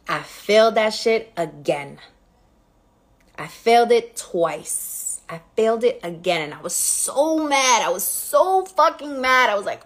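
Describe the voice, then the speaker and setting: A woman in her thirties from New York with a New York accent, hosting a casual livestream and telling a story straight to her viewers in a candid, profane, animated way. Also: on the high side, a little slow. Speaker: livestream host.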